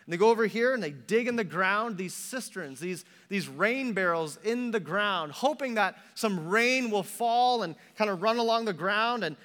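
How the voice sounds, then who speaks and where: A man preaching a sermon, telling stories animatedly and acting out the voices of the people in them, then dropping to a hush for emphasis. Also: sits high, moderate pace, hardly any pauses. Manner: animated storytelling, acts out quotes, drops to a hush for emphasis. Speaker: pastor. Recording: long hall reverb.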